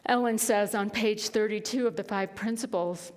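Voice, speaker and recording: A woman minister tells a story in earnest sermon style, sometimes falling to a hush. Her voice rings out with a long reverb, as in a church hall. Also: medium pitch, fairly even intonation, moderate pace, hardly any pauses. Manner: earnest storytelling with soft, hushed passages. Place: spiritual center sanctuary.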